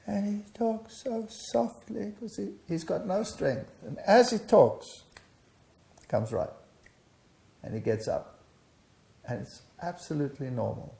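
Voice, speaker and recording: A man's voice: sits high, measured pace, gravelly, pauses often. An older man, giving an interview and animatedly recounting a personal testimony, acting out the dialogue. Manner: animated storytelling, acts out dialogue. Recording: roomy echo.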